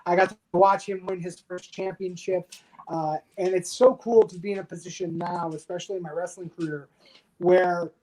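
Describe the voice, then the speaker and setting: A man in his forties from the United States tells his stories as a podcast guest. He keeps it loose and lively and acts out what other people said. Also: high-pitched, low-quality recording. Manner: animated storyteller acting out others' quotes. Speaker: guest, retired soldier and pro wrestler. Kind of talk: casual storytelling interview.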